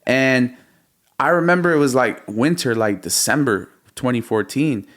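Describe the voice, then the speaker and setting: A man in his thirties, a music producer and podcast guest, telling his story in a lively, slangy way and calling the host bro. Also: mid-range voice, normal speed. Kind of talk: casual storytelling interview.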